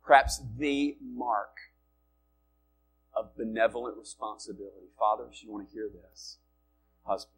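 A male pastor preaching a sermon in a conversational way, rising loud and dropping quiet to make his points. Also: lowish voice, a little slow, creaky, long pauses, slight background noise. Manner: conversational preaching with wide swings in loudness.

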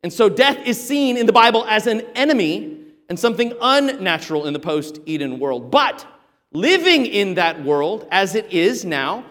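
A man preaching a sermon as pastor, emphatic, with sudden loud exhortations. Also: high voice, long reverb tail.

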